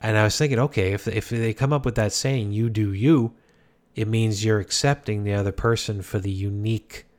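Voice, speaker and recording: A man talking calmly through life advice in a casual, rambling way, often restarting his sentences. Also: lowish voice, fairly quick, few pauses. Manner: calm, rambling, many restarts. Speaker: speaker giving life advice. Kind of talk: casual self-help talk.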